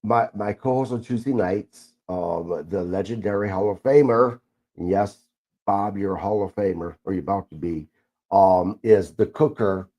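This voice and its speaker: A man's voice: fairly low pitch, moderate pace, mellow. A man hosting a wrestling podcast, asking questions hesitantly with many "um"s. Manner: hesitant, many "um"s and filler words. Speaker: podcast host. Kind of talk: interview questions.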